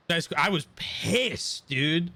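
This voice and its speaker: A man's voice: on the high side, creaky. A man in his twenties chatting casually on a live game stream, telling stories with lots of swearing and laughter. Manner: animated storyteller, swears and laughs often.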